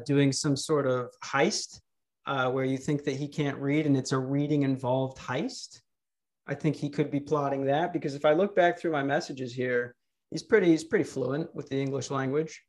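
A podcast host with a fairly high voice speaks at an ordinary pace through a remote call microphone. He rambles casually and crudely, cracking jokes and often starting his sentences over.

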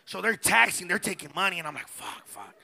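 Brief: young man, bright and high-pitched, profane rambling storyteller at a live show. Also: big pitch swings, brisk, creaky. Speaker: podcast co-host. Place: live pop-up show venue.

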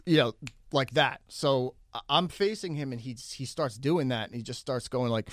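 A man casually telling a story as a guest, animated and acting out what people said, with lots of fillers. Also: medium pitch, brisk, dry recording, clean studio sound. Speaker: comedian guest.

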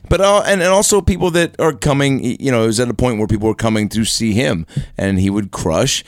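A man's voice: medium pitch, fairly quick, no room sound, clean studio sound. A man, a guest comedian, telling stories in a rambling, self-interrupting way in a casual podcast chat.

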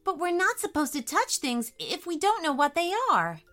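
A polite young boy from a children's storybook, as a woman puts him on. He speaks carefully and a little apologetically, with a bright, lively voice. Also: high voice, normal speed, soft background music, voice pushed up, full character voice. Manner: apologetic, sensible.

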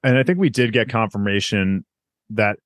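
A man with a fairly low voice talks quickly and eagerly in a casual fan chat. He keeps jumping in and restarting his sentences. The sound is dry and close. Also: expressive, no echo. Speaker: podcast co-host.

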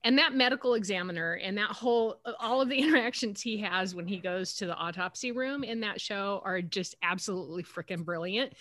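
Woman cohost rambling thoughtfully, dry close sound, mid pitch. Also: a little fast, hardly any pauses, fairly bright tone, dry recording. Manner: thoughtful, long winding sentences. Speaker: podcast co-host. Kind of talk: casual chat.

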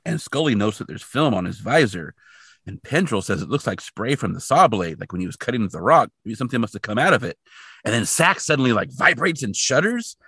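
Guy co-hosting a podcast, bouncy pitch, bit of gravel, dry close mic. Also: no echo. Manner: animated, jokey, does quick character voices. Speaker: podcast co-host. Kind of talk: casual chat recapping a TV episode.

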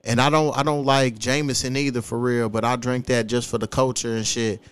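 A man in his thirties, hosting a casual podcast and talking in a profane, animated way with frequent laughs. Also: mid-range voice, brisk, clear, resonant tone. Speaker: podcast host.

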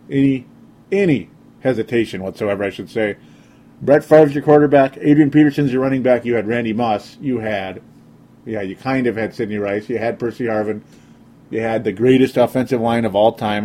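Minnesota guy rambling on his sports podcast, kinda sarcastic, mellow dark voice. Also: mid-range voice, slight background noise. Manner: rambling, sarcastic, frequent fillers. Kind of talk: casual sports podcast monologue.

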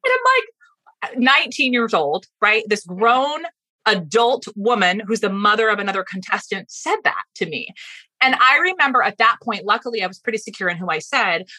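A woman guest on a podcast interview, a fast-talking, animated storyteller giving advice. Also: medium pitch, dry recording. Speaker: guest speaking coach.

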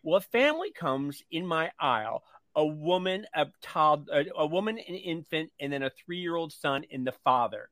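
A man with a fairly high voice tells a story on a radio talk show. He moves through it with animation and puts on the voices of everyone involved. The sound is close and dry, with no room around it. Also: normal speed, no echo. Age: older. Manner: animated storyteller who acts out the voices in his anecdotes.

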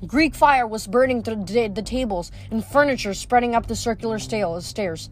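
A woman reading a novel aloud in a steady manner, with occasional slips and restarts. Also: on the high side, normal speed, few pauses, faint music behind. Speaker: reader.

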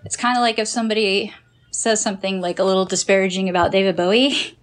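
A woman chatting casually as a podcast co-host, telling animated joking stories and laughing often. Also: mid-range voice, quick pace. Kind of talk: casual chat.

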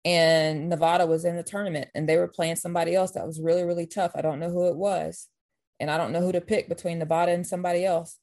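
A woman who coaches basketball tells long personal stories as an interview guest. Her voice sits a little low and sounds warm and mellow. She talks in an animated, heartfelt way, often restarting her sentences. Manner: animated, faith-filled storytelling with quick restarts. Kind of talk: storytelling in an interview.

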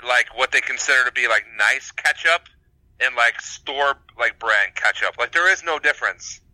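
A man co-hosting a casual chat show, talking in a halting way with lots of fillers and restarts. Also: mid-range voice, pushed and bright, no echo, low-quality recording. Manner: hesitant, many fillers and restarts. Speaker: podcast co-host.

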